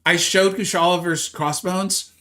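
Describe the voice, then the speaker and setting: His voice is high-pitched and sharp, with a steady tone and moderate pace. He's a live game streamer making casual conversation, replying to viewer comments and restarting frequently.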